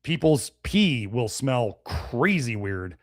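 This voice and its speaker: A man hosting a nutrition live stream, answering viewer comments in a blunt, conversational and animated way. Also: mid-range voice, slow pace, dry recording, studio quality. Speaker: nutrition show host.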